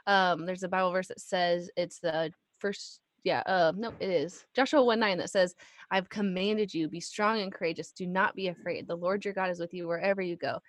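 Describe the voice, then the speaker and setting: A woman in her thirties tells a family story as a podcast guest, chatty and animated, acting out the voices of the people she quotes. Her voice sits a little low. The sound is dry, with no room echo. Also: moderate pace. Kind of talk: casual chat.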